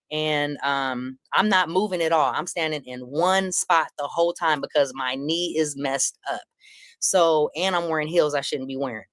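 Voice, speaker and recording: A woman with a fairly low voice tells a story on a live panel, jumping up high to act out the lines she quotes. She curses freely as she talks. Her voice sounds close and dry. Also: smooth, no room sound. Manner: acts out quotes with big pitch jumps, swearing freely. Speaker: comedian guest telling a story.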